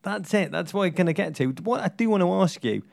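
A man's voice: sits high, expressive, fast, vocal fry, dry recording, studio quality. A man co-hosting a comic football podcast, speaking in florid, theatrical phrases. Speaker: podcast co-host.

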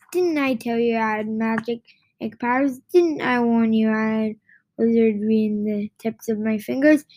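A woman reading aloud, voicing a bossy, boastful old grandmother who shouts and scoffs. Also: on the high side, natural voice. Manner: shouting, scornful.

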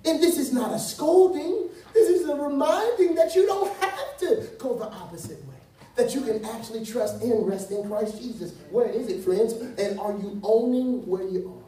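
A man's voice: very high-pitched, expressive, normal speed, mellow. A male pastor preaching a casual, joking sermon that turns emphatic and earnest. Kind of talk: conversational sermon. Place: church sanctuary. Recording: echoey hall from a distant mic.

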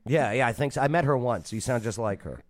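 Joking, animated male co-host. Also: medium pitch, fast talker. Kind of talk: casual chat reacting to news.

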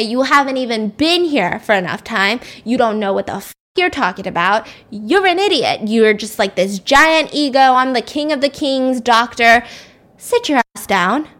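A woman's voice: mid-range voice, creaky. A woman voicing an angry, arrogant male hospital boss who swears and berates a junior doctor. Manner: swearing, shouting down.

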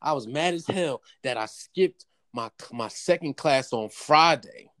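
A young man in casual chat telling a story in an animated, profane way. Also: measured pace. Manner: animated, profane storytelling with raised-pitch quotes.

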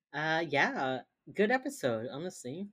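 A woman co-hosting a podcast, casually retelling a TV episode and filling her talk with "like". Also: husky. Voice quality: very low-pitched, relaxed storytelling with lots of "like". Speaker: podcast co-host recapping a TV episode. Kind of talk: casual chat.

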